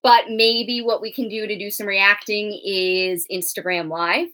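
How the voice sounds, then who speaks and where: A woman's voice: mid-range voice, little pitch movement, unhurried, sharp tone. A young woman co-hosting a live show discussion, chatty and giggly, reading out viewer comments. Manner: chatty, giggly, filler-heavy. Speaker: co-host.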